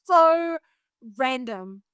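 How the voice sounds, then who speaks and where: New Zealand woman, singer, animated self-mocking storyteller, bright-pitched. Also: drawn-out words, smooth, no echo, dull audio. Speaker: singer and vocal coach, guest. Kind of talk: casual storytelling in an interview.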